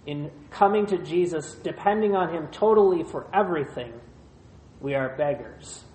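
A pastor preaching a sermon in short, measured phrases, retelling a scripture passage. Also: mid-range voice, a little mellow. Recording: roomy echo.

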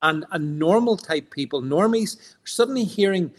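A man's voice: high-pitched, expressive, moderate pace. A man co-hosting an online stream, talking emphatically with many stammered restarts. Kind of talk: casual political chat.

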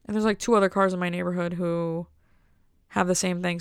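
A woman's voice: fairly low pitch, flat delivery, a little fast, smooth, no echo, studio quality. A young American woman talking casually to her viewers in a rambling, enthusiastic and wry way. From United States. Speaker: vlogger. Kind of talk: casual monologue.

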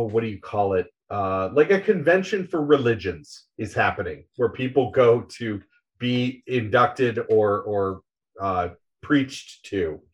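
A man casually recapping a graphic novel for a podcast, rambling with many fillers and acting out the characters' lines. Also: mid-range voice. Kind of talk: casual retelling with quoted voices. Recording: slightly dull, lo-fi audio.

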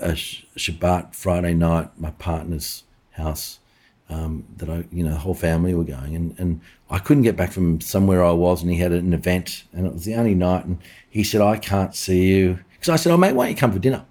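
Middle-aged Australian man, very low voice, chatty rambling guest storyteller with lots of restarts. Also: warm tone, husky. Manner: rambling anecdotes with many restarts and fillers. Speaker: chef, podcast guest. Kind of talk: casual interview storytelling.

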